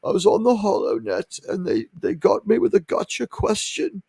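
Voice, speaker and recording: A man's voice: sits high, sing-song, normal speed, creaky, mellow, breathy edge, no echo, voice pushed up, heavily acted. Give me a man impersonating a pompous captain who stammers and brags, on a dry mic. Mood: whining. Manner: stammering, grandiose complaining. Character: pompous aging male starship captain, rambling and self-pitying.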